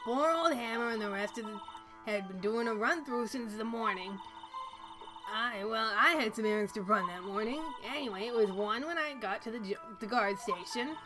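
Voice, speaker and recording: A nosy, chatty old woman working as a security guard drawls her words and calls everyone dearie, as a woman streamer puts her on. Her voice sits a little high. Game music plays loudly under her. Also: moderate pace, close to an everyday voice. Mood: gossipy. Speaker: streamer reading game dialogue.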